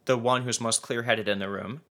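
A man's voice: medium pitch, steady tone, fairly quick, fairly bright tone. A man co-hosting a casual true-crime podcast, chatty and rambling, with many fillers. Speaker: podcast co-host.

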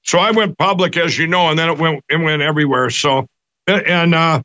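Still agitated, the middle-aged interview guest keeps telling his story, voicing the dialogue himself and frequently starting over. He speaks at normal speed with a fairly high, sharp-toned voice, though the audio sounds dull.

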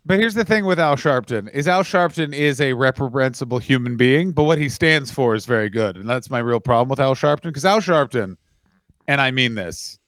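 A man co-hosting a comedy podcast, teasing his partner and telling stories with deadpan jabs. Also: medium pitch, brisk, no room sound, clean studio sound. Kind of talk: casual comedic chat.

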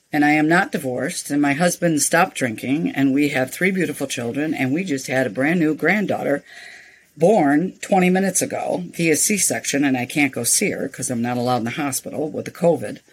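An older woman, a nonprofit founder, speaking as an interview guest and telling frank, animated stories. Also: deep voice, breathy edge. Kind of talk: interview storytelling.

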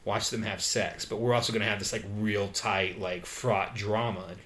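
A man co-hosting a podcast, reviewing a film in relaxed chat full of fillers and acted-out quotes. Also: lowish voice, normal speed. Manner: relaxed, uses many fillers, acts out quotes. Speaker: podcast co-host.

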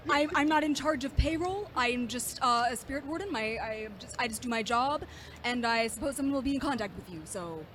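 A woman's voice: a little high, animated, brisk, fairly bright tone, a little hiss or hum. A woman playing a tabletop game, playful and mock-formal in character. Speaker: player.

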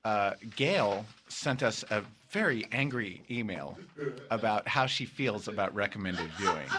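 A man's voice: on the low side, expressive, a little slow, background noise. A man in his fifties hosting a comedy podcast, chatting in a playful, campy way and cracking jokes. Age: 50s. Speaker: podcast host. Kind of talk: casual comedy podcast chat.

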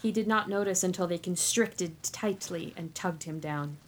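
A woman narrating a dark fantasy story in a calm, even reading. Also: lowish voice, normal speed, a little hiss or hum.

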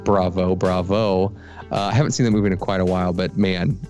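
A man's voice: deep voice, racing, music in the background. A man co-hosting a podcast and running a quiz game, playful and teasing, on a remote call. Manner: playful, teasing, slips into silly voices. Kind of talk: casual chat, quiz hosting.

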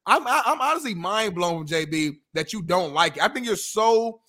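A man's voice: sits high, animated, moderate pace, bright, forceful tone. A man co-hosting a casual sports talk show, arguing his points and often repeating words as he talks. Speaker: co-host.

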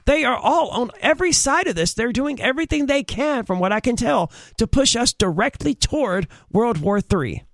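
A man's voice: very high voice, animated, moderate pace, hardly any pauses, dry recording, studio quality. A man co-hosting a talk radio show, ranting in an exasperated, emphatic way.

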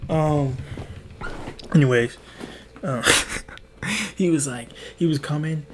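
A man's voice: on the high side, animated, slow pace, long pauses, darkish tone, a little hiss or hum. A young man in his twenties hosting a podcast, telling rambling, profane stories in casual chat. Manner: rambling, profane, restarts and acts out quotes. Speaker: podcast host. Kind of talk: casual storytelling monologue.

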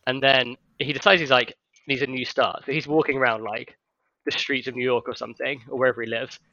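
A man's voice: mid-range voice, steady tone, quick pace, sharp tone, no room sound, muffled recording. A man in casual chat with friends, retelling a film plot in a rambling way with lots of "like". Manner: rambling storytelling, heavy use of "like".

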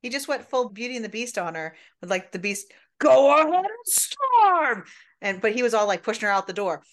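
A woman co-hosting a book club podcast, chiming in with quick, playful asides during a casual recap. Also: medium pitch, fairly bright tone.

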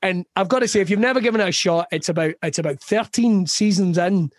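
A man's voice: high-pitched, quick pace, no echo, studio quality. A Scottish man in his forties, a comedian chatting casually on a podcast, swearing and laughing as he rambles through stories. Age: 40s. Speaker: comedian guest.

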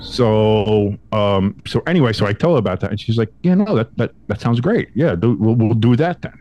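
A young man co-hosting a sports podcast, telling a story in casual chat, acting out quotes with big swings in pitch and some swearing. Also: lively intonation, moderate pace, warm tone, slight background noise. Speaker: podcast co-host.

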